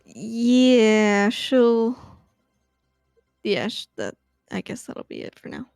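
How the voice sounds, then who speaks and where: Soft-spoken woman player, gravelly. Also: on the high side, sing-song, slow, no echo, soft background music. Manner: soft, hesitant. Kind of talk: tabletop game play.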